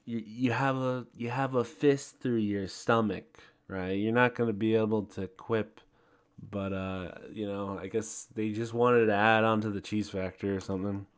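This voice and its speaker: A man giving a casual commentary aside, measured and hesitant in a reflective way. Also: lowish voice, fairly even intonation, smooth. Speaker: video reviewer.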